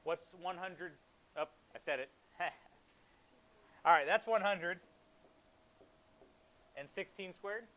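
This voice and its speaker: Bright-voiced man teaching a math class. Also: sits high, slow pace, long pauses. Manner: playful, joking with students; instructive, asks students questions. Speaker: high school math teacher.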